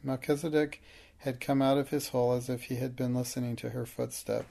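A man with a gravelly voice narrating a storybook in a steady, even reading. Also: medium pitch, fairly quick. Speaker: audiobook narrator. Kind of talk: scripted narration.

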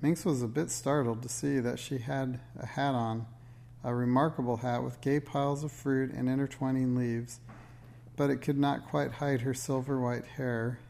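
Man reading a storybook, gravelly voice. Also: medium pitch. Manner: steady, measured storytelling. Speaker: narrator. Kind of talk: reading a children's book aloud.

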